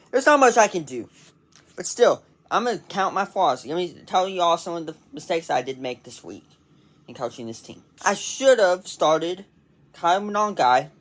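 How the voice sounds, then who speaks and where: A young woman managing a fantasy league team, talking casually in an exasperated, self-critical, slangy way. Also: on the low side. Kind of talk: casual recap monologue.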